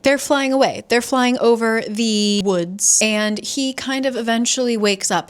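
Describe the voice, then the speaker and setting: A woman's voice: mid-range voice, normal speed, hardly any pauses. A woman giving a casual, chatty recap of a fantasy novel, using lots of "like" and dropping the occasional swear. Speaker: book reviewer.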